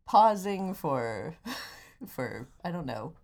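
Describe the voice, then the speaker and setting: Woman, podcast co-host, dry wry banter, lowish voice. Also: sing-song, drawn-out words, a little mellow. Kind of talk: casual banter.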